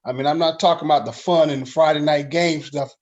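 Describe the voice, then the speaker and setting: A man's voice: a little high, steady tone, brisk. Polite man on a dull lo-fi recording. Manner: polite and courteous. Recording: dull lo-fi sound.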